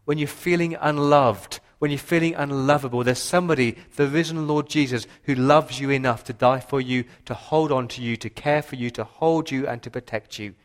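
A man preaching a sermon with passion, his voice rising for emphasis and dropping low for quiet points. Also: moderate pace, few pauses. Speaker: pastor.

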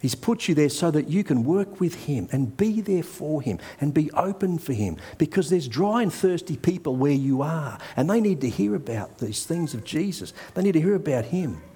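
A man's voice: on the high side, lively intonation, moderate pace, hardly any pauses, warm tone, husky. A middle-aged man, preaching a sermon in a conversational, earnest way and telling a personal story.

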